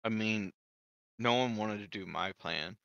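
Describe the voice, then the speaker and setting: Man, tabletop player, bright animated voice, joking, contrary, dull lo-fi dry mic. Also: on the low side, unhurried, vocal fry. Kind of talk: casual chat between players.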